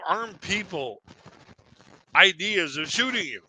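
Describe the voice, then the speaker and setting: Speaking at a moderate pace with long pauses, a Canadian livestream host uses a high, animated voice that's bright and forceful. He rambles casually through stories, restarting and chuckling frequently. The rough recording carries a little hiss or hum.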